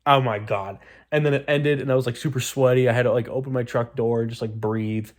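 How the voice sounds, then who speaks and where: A man's voice: mid-range voice, steady tone, brisk. Rambling young man swearing casually. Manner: rambling, swears a lot, self-deprecating. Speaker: vlogger. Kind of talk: casual storytelling vlog.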